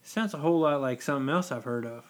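A man's voice: medium pitch, fast talker. A man with a mid-range voice co-hosts a casual podcast, explaining things in a loose, conversational way. He slips in dry, sarcastic asides as he talks. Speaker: podcast co-host. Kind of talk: casual chat.

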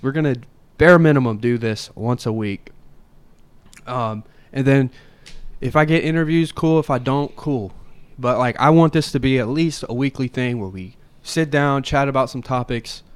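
A man's voice: medium pitch, moderate pace, clean tone. Slangy young male podcast host. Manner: slangy, says dude and bro a lot. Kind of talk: casual chat.

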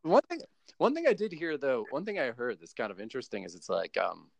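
An American man chatting as a podcast guest, animated and laughing often, with lots of fillers and restarts. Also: mid-range voice, brisk, creaky, dry recording. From United States. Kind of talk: casual chat.

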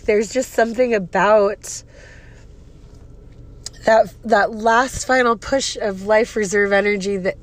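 A woman in her thirties with an emotional, profane, venting manner, hosting a casual personal podcast. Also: mid-range voice. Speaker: podcast host.

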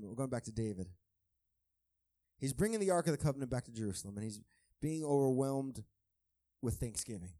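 A man's voice: medium pitch, no room sound. Preaching man, dry close sound. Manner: swings from quiet asides to shouted, sung-out praise; conversational and joking. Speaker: pastor. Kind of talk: sermon.

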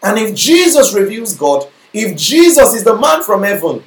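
A man's voice: high voice, big pitch swings, moderate pace. A man preaching a sermon, often checking in with the congregation with questions like whether they follow him. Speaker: pastor. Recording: echoey room.

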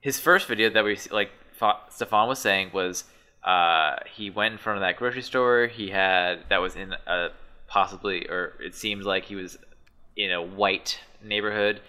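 A man's voice: sits low, moderate pace, bright, forceful tone, smooth. A man co-hosting a casual podcast chat, telling a story in a rambling, sarcastic way with many restarts. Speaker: podcast co-host.

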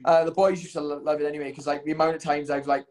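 A man's voice: on the high side, flat delivery, very fast, a little mellow. A young man telling stories in casual chat, rambling with lots of ums and likes.

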